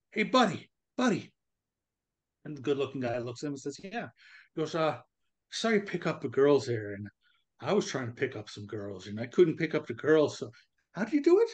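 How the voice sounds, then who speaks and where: A man with a slightly higher pitch co-hosts a casual podcast. He spins a long joke with animated delivery and slips into quick voices for the people in it. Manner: animated storyteller, acts out voices. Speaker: podcast co-host.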